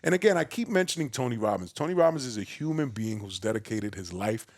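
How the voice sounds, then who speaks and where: A man from the Bronx with a New York accent, a podcast guest telling his story in a big, loud, boisterous way. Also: expressive, fast talker, no echo, clean studio sound. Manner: acts out quoted voices with a raised pitch. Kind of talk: casual storytelling conversation.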